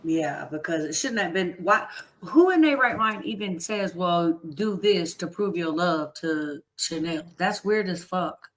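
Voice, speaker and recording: A voice of average pitch chimes in on a casual livestream with blunt, short reactions. A faint hiss of noise sits under the voice. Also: expressive, unhurried, poor audio.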